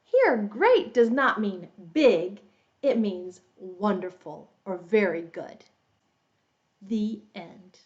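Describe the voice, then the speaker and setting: A woman's voice: slow, muffled recording. A woman English teacher reading a children's story aloud, explaining words and quizzing her young listeners. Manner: animated, adds roars and squeaks for the animals.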